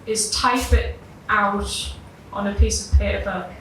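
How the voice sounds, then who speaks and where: With a mid-range, fairly even, slow and slightly bright voice, a young woman from Britain recounts a personal story live at a gig. She laughs through her lines, swears casually and runs herself down; the sound is echoey and distant with a little hiss or hum.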